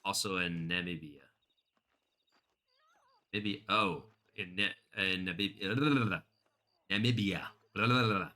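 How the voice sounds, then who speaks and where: Slow and often pausing, this man has a low voice with a bright, forceful tone. He rambles chattily through casual gameplay commentary while streaming, talking with his viewers and reading their chat aloud.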